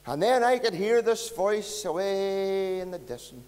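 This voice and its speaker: Northern irish pastor telling a homey story to the kids, slow and high, big echoey church hall. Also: male voice, expressive, a little mellow. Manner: folksy, chatty, addressing children. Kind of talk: storytelling sermon at a carol service.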